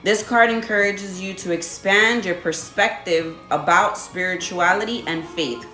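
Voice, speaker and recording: Animated woman telling a spiritual story. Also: a little slow. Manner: animated storytelling, laughs often, acts out her own reactions in a high voice. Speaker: body contouring business owner. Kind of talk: casual spiritual vlog talk. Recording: echoey room with faint music.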